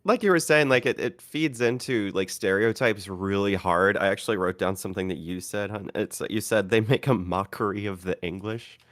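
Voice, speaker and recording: A man's voice: fairly low pitch, normal speed, hardly any pauses. A young man in a casual podcast chat, enthusiastic and filling his talk with "like.". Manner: leans on "like" as filler, warmly enthusiastic. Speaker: podcast co-host.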